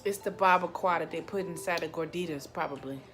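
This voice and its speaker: Low, quick-talking woman, teasing sidekick on a home mukbang, music behind. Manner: blunt and teasing. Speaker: host's sister, co-host. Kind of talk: casual eating vlog chat.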